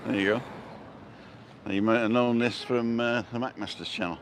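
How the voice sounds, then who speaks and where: A man with an English accent strolls down a street, pointing out shops and throwing in wry jokes. He speaks at a medium pitch. Faint passing traffic sits behind his voice. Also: fairly even intonation, moderate pace. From England. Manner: chatty, jokey, chuckles at his own quips. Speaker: vlogger. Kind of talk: casual walking tour commentary. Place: outdoors on a street.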